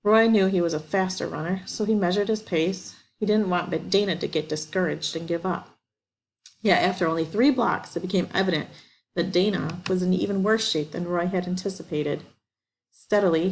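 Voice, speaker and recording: Woman reading a story, steady and low. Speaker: audiobook reader. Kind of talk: scripted narration.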